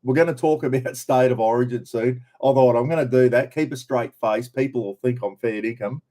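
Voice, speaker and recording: Speaking a little fast in a mellow, medium-pitched voice, an Australian livestream host chats from his caravan while on the road. He's relaxed and easygoing, welcoming viewers one by one by name.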